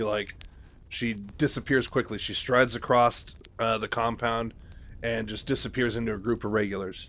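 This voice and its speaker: A man's voice: on the low side, fairly bright tone. A man casually retelling a novel, loose and full of fillers. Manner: loose, filler-heavy, lots of "like". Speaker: book retelling host.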